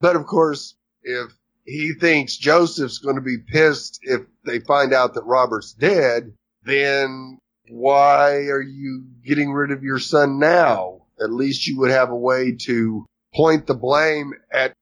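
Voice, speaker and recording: A man co-hosting a podcast, retelling the plot of a series in a measured, matter-of-fact way. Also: medium pitch, fairly even intonation, fairly bright tone. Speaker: podcast co-host recapping a series. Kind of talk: casual chat.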